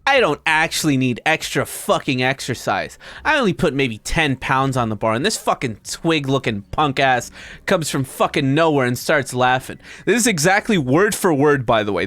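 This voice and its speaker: A male streamer reading an internet story aloud to his chat, breaking off into high, disbelieving comments. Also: dry recording. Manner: animated, breaks into high-pitched disbelieving asides.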